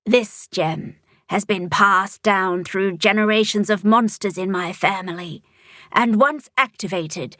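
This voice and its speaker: A kindly female monster mayor, put on by a woman reading aloud, speaks with a low, growly rasp. She is unhurried and solemn, as if handing down something precious. It is a storybook voice, crisp and dry. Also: fairly bright tone, dry recording.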